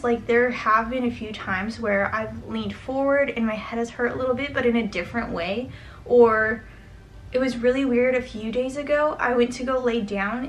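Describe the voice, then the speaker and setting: A woman's voice: fairly high pitch, slight background noise, poor audio. A young woman giving a sit-down vlog update, talking in an earnest, chatty way with plenty of "like" fillers. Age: young adult. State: getting emotional, close to tears. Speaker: vlogger.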